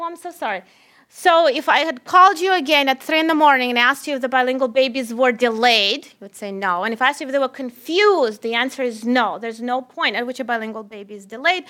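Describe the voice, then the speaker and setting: A woman researcher with a Russian accent giving a lively lecture, addressing the audience as "my friends". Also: sits high.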